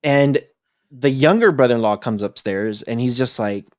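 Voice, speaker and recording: A man's voice: mid-range voice, moderate pace, a little mellow, no room sound. Young adult man, podcast co-host, casual storyteller who acts out voices; dry, close sound.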